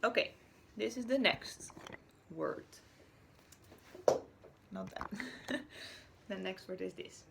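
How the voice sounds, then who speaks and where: A woman teacher from Chile giving a slow, patient recorded spelling lesson to young children, now and then whispering or acting out a word. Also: medium pitch, gravelly, background noise. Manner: patient, drawn-out words, whispers or acts out words as examples.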